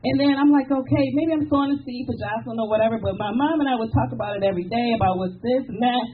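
Middle-aged woman preaching a memorial tribute, fairly high voice, thin phone-ish sound. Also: fast, phone-quality sound. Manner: preacher-like call and response with the crowd. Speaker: daughter giving a memorial tribute.

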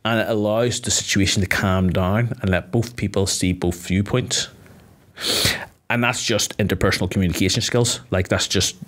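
A man's voice: fairly low pitch, fairly even intonation, moderate pace, fairly bright tone. A man, an MMA fighter, chatting casually on a podcast, swearing freely and filling his speech with "like" as he explains.

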